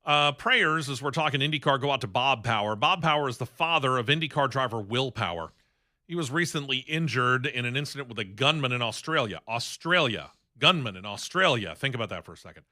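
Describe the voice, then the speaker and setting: Bright-voiced man hosting racing talk radio. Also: medium pitch, animated, quick pace. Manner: opinionated, chatty news rundown. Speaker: radio show host. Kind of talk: casual sports talk radio. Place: radio studio.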